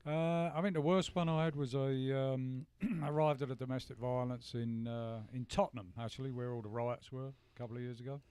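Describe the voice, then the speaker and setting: A man's voice: mid-range voice, fairly even intonation, fairly quick, hardly any pauses, darkish tone, clean tone. A British man co-hosting a radio talk show, recounting a police story with many hesitations. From United Kingdom. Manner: hesitant, many fillers, frequent yeahs. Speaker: radio co-host.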